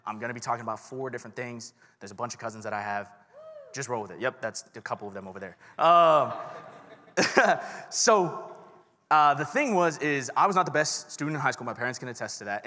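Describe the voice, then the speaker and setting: A man's voice: mid-range voice, sharp tone. A young man preaching a sermon, telling a personal story in a casual, self-deprecating way and talking straight to the crowd. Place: large church hall. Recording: long church hall reverb.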